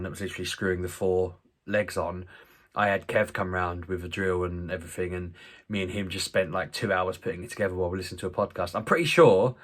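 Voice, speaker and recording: A man, chatting excitedly and rambling through a casual vlog. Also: lowish voice. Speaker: vlogger.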